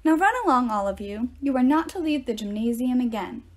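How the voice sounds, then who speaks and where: A woman's voice: sits high, expressive, a little mellow. Woman voicing a stiff, dazed old teacher. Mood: dreamy. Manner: demanding, then dreamy and slow. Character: stiff, dazed older female school teacher.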